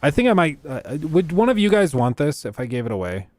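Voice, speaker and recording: A man's voice: a little high, very animated, quick pace, darkish tone, dry recording. A man hosting a casual livestream, ranting bluntly and sarcastically to his chat. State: keeps choking on throat. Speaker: livestream host.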